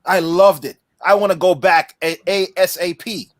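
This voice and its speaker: A man co-hosting a livestream podcast, talking with passion and effusive excitement, often restarting his words. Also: sits high, normal speed, no echo, studio quality. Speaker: podcast co-host. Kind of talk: excited casual livestream chat.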